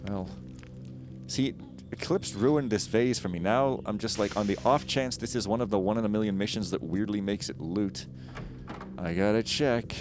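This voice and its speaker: A man's voice: lowish voice, moderate pace. A man in casual, rambling, jokey commentary while he plays a video game and slips into silly voices. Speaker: game streamer. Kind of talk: casual let's-play commentary. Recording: game music behind the voice.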